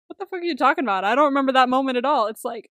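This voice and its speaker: High-voiced chatty woman, dry close mic. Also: expressive, rapid-fire, fairly bright tone, no room sound. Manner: chatty, laughs often, acts out quotes. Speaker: podcast co-host. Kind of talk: casual chat.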